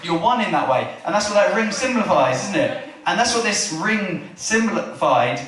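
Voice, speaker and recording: High-voiced preacher in an echoey hall. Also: male voice, normal speed, recorded from a distance, crowd noise. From England. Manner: chatty, asks the room questions, animated retelling. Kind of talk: family church sermon. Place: church hall.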